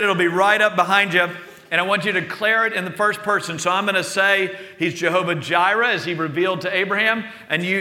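A man, a pastor leading a congregation in slow, earnest prayer and teaching. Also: sits high. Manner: slow, earnest prayer with softer intimate passages. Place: church sanctuary with long reverb. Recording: long hall reverb.

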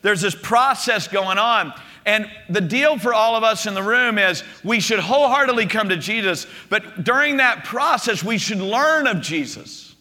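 High, bright-voiced male preacher. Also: normal speed, hardly any pauses. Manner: storytelling, animated, repeats words as he restarts. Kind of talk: sermon. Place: room with a gathered congregation. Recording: long reverb of a large hall.

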